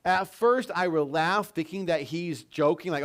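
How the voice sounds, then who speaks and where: A man's voice: on the high side, a little slow, fairly bright tone. A man preaching a sermon as pastor, telling stories and putting questions to his congregation. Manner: conversational storytelling with questions to the congregation. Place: church sanctuary.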